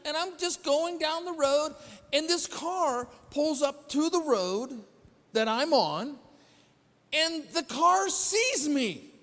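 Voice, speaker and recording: A male pastor with a high-pitched voice preaches in a chatty, storytelling way. He keeps quizzing the congregation and pokes fun at himself. His voice rings with a long reverb through the church sanctuary. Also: lively intonation, slow, fairly bright tone. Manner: chatty, quizzes the congregation, self-deprecating humor. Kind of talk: conversational sermon storytelling.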